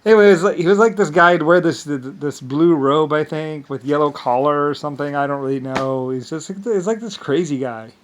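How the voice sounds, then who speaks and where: A man's voice: on the high side, brisk, hardly any pauses, slight background noise. A man telling a rambling story in a casual, profane way, full of fillers and laughter. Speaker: channel host.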